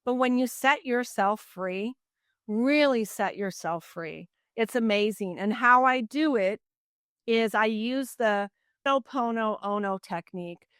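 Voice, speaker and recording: As a podcast guest, a middle-aged woman tells a personal story in a casual interview, earnest and animated, with "you know" running steadily through her speech. Her smooth, resonant voice is medium-pitched, and the recording is close and dry with no room sound.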